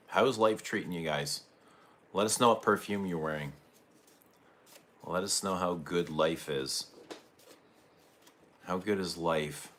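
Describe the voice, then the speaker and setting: Low, bright-voiced man hosting a livestream. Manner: chatty, greets viewers and reads their comments aloud. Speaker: perfume livestream host. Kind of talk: casual livestream chat with viewers.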